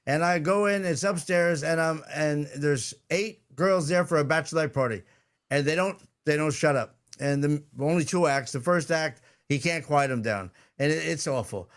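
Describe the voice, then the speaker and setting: A stand-up comedian chatting casually and telling a story, acting out what people said. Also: male voice, fairly high pitch, moderate pace. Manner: animated anecdote-telling, acts out quoted lines. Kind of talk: casual chat, telling stories.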